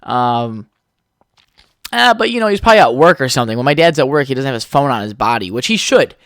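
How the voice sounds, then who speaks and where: A man's voice: medium pitch, expressive, quick pace, fairly bright tone, dry recording, studio quality. A young man hosting a podcast, rambling through stories with lots of swearing and frequent laughter. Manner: rambling, profane, laughs often. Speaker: podcast host. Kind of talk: casual solo podcast chat.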